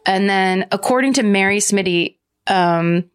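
A woman's voice: medium pitch, unhurried, clear, resonant tone. A woman co-hosting a podcast, telling a true-crime story in a chatty, joking way with lots of fillers. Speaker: podcast co-host.

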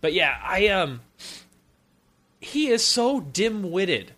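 A man co-hosting a podcast, giving a casual, sarcastic and animated review of a film. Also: high-pitched. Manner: animated, sarcastic, quick with jokes.

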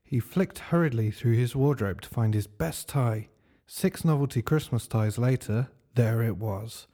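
A man narrating a comic story in a dry, deadpan way. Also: mid-range voice, a little slow.

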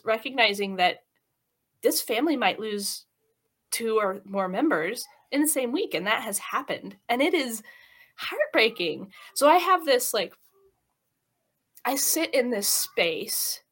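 A woman's voice: mid-range voice, fairly bright tone. A woman in her thirties, a hospital chaplain, talking earnestly and emotionally in an interview, with many fillers. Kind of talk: interview conversation.

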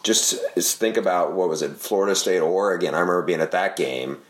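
Low-voiced man hosting, rambling casually. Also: fairly quick. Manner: rambling, self-correcting. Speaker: podcast co-host. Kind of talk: casual podcast chat.

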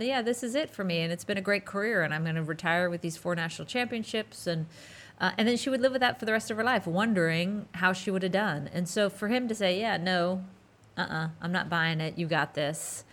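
A woman co-hosting a podcast, chatting casually with an animated, gushing energy. Her voice sits a little low for a woman, and she talks in quick enthusiastic bursts. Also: gravelly. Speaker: podcast co-host.

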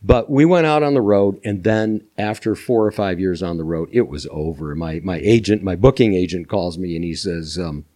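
An older man from Minnesota, a podcast guest telling animated anecdotes with chuckles. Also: low-pitched, normal speed, hardly any pauses. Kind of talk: storytelling interview.

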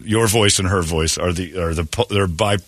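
A man's voice: low voice, moderate pace, a bit bright, no echo, clean studio sound. A man hosting a morning radio show, joking and rambling with his co-hosts and laughing often. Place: radio studio.

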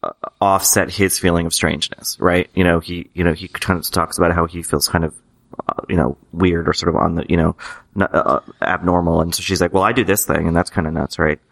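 Fast-talking man with a very deep, bright voice. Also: flat delivery, vocal fry. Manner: thinks aloud in loose, searching phrases. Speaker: podcast co-host. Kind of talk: casual TV recap discussion.

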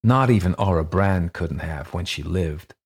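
A man's voice: deep voice, a little slow, husky, heavily acted. Man reading as a shivering, uneasy countryman. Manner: muttering, uneasy. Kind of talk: audiobook reading.

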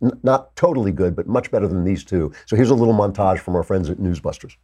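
Brief: male host, mellow and husky, indignant animated monologue. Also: deep voice, quick pace. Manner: animated, indignant, with sarcastic asides. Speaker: political commentary host. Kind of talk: opinionated monologue.

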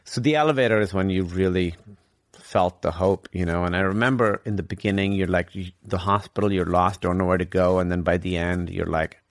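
A man's voice: deep voice, a little fast, no room sound, studio quality. A man candidly telling a personal story as a guest in a conversation, rambling and swearing casually.

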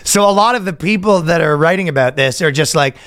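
A man's voice: on the high side, fast, fairly bright tone, dry recording. A man co-hosting a comedy podcast, telling crude jokes in casual chat. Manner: jokey, breaks into mock preacher voices. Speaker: podcast co-host.

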